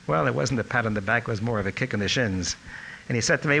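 An older man telling animated stories about a teacher from his student days. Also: medium pitch, fast talker, creaky, a little hiss or hum, poor audio. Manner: animated storytelling, acting out quotes. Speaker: speaker recalling a teacher. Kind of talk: anecdotal reminiscence.

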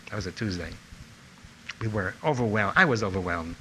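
Older man, reminiscing speaker, lively storytelling, very bright tone, faint hiss behind. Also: fairly low pitch, a little fast, low-quality recording. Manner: animated storytelling, acting out quotes. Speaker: speaker recalling a teacher. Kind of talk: anecdotal reminiscence.

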